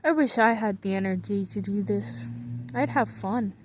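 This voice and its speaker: A woman's voice: mid-range voice, normal speed, slight background noise. A woman idly rambling to herself from her bunk bed in her bedroom, drifting from one thought to the next as she talks. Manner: muses aloud to herself, drifts between thoughts. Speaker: vlogger. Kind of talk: casual rambling commentary.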